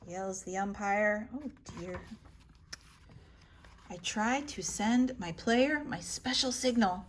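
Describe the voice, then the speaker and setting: A woman reads a children's picture book at bedtime, her voice high and bright. She takes her time, swooping up and down to bring the characters alive. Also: a little slow. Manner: animated, voices the characters with big pitch jumps. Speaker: librarian reading aloud. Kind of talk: children's bedtime story reading.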